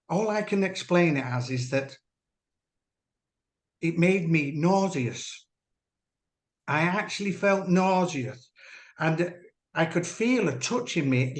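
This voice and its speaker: A man, a former dolphin trainer, giving earnest personal testimony as an interview guest, measured and halting with restarts. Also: fairly high pitch. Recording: roomy echo.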